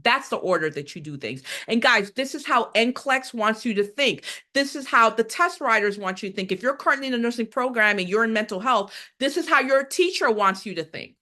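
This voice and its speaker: A woman nursing instructor leading a live exam-review lesson, lively and emphatic, asking questions and answering them herself. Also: on the high side, brisk, few pauses. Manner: lively, asks and answers her own questions.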